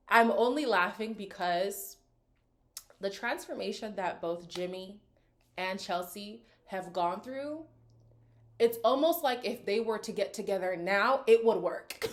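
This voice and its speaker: A woman's voice: medium pitch, unhurried. A woman YouTuber reading reality show cast bios aloud in a casual recap video, breaking off for chatty, sassy asides.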